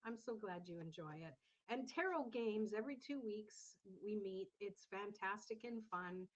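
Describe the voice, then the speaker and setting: A woman's voice: mid-range voice, lively intonation, normal speed. Chatty woman hosting a tarot livestream. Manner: encouraging, chatty, talks to viewers in the chat. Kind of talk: casual livestream chat. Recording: slightly dull lo-fi sound.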